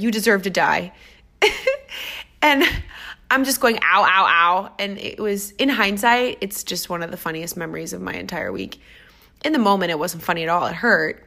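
A woman fitness trainer telling stories about her clients in a casual, enthusiastic vlog. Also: mid-range voice. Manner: upbeat, enthusiastic, animated storytelling.

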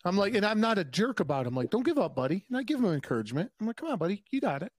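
A young adult man telling profane, animated stories in a casual podcast chat. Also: high-pitched, very fast, no echo. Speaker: podcast guest.

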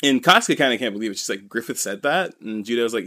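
Speaking quickly and expressively, this male podcast co-host has a fairly low, bright, forceful voice with no echo. He loosely retells a manga chapter, his casual talk full of "you know" and "kinda."

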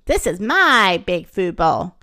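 A woman's voice: on the low side, very animated, slow, sharp tone, pitched below the performer's own voice, full character voice. A woman voicing a grumpy, greedy male pet guinea pig in a children's storybook reading, with a sarcastic, grumbling manner. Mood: pleading.

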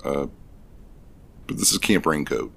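A man co-hosting a casual film-review podcast, trading dry deadpan jokes. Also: very deep voice, measured pace, creaky, breathy edge. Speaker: podcast co-host.

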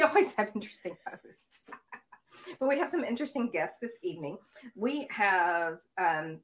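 Lady cohosting a podcast, gushy and excited, mid pitch, just chatting. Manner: enthusiastic, gushing recommendations. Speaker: podcast co-host. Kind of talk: casual chat.

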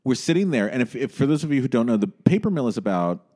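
A man co-hosts a podcast and tells stories in a relaxed chat. His pitch stays lively and expressive, and he drops dry, wry asides. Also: quick pace. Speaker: podcast co-host. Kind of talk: casual chat, storytelling.

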